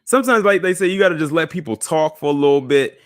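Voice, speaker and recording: A young adult male news commentator talks fast in a voice on the high side. On his casual show he speaks animatedly and directly to viewers, adding scoffing asides.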